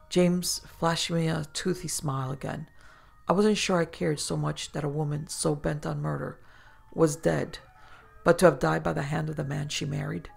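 A woman host narrating a first-person horror story in a measured, dramatic way. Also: low voice, vocal fry, husky.

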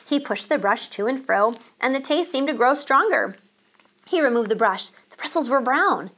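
A woman's voice: sits high, normal speed. Woman reading a bedtime story aloud. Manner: calm, expressive storytelling. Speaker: teacher. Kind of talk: reading a children's book aloud.

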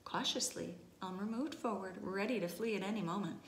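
A woman reading a picture book aloud to preschoolers, expressive and sometimes hushing to a whisper. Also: mid-range voice, fairly quick, a little hiss or hum. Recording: roomy echo.

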